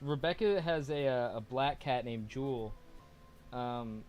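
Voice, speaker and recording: A man's voice: mid-range voice, slow, darkish tone, soft background music. A young man co-hosting a stream, laid-back and joking with crude humor. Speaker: co-host of a stream. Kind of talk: casual stream chat. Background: royalty-free jazz.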